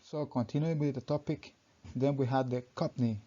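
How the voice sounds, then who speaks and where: Young male student reading his presentation, mellow voice, careful and halting, muffled lo-fi sound. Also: mid-range voice, steady tone. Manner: halting reading, often restarting sentences with "so". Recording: dull lo-fi recording.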